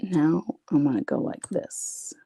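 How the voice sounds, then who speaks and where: A woman's voice: deep voice, animated, unhurried, creaky, warm tone, husky, no room sound, studio quality. A woman reading out private messages and commenting on them in a blunt, profane, sarcastic way. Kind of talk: casual commentary reading screenshots.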